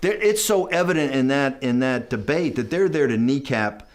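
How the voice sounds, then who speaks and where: A man's voice: mid-range voice, normal speed. A man being interviewed who tells stories emphatically and rambles through them, often tagging his points with "right?" and "okay?". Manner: animated, mimics others in quoted asides. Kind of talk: conversational interview storytelling.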